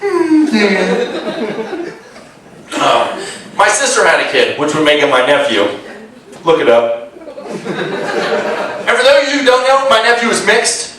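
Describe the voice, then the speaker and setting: A man's voice: sits high, sing-song, a little slow, long pauses. A man with a Baltimore accent doing a crude, self-mocking stand-up set, bantering with the crowd at a live comedy show. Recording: echoey live club from far off, loud crowd.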